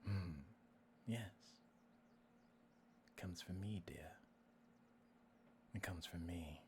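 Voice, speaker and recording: A man's voice: extremely slow, a little hiss or hum, exaggerated voice. A man putting on a creepy whispering voice. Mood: menacing. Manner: low purring whisper, taunting. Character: creepy unseen male power source, sinister.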